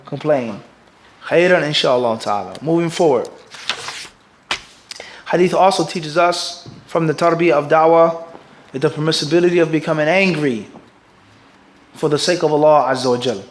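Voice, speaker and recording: A man's voice: a little high, normal speed, long pauses, a little hiss or hum. A middle-aged man, a mufti, gives a religious lecture to a class. He keeps leaving blanks for the listeners to fill in and checks that they follow him. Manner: quizzes listeners with fill-in "what?" prompts; keeps checking "everybody understand this?". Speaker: mufti teaching a hadith class.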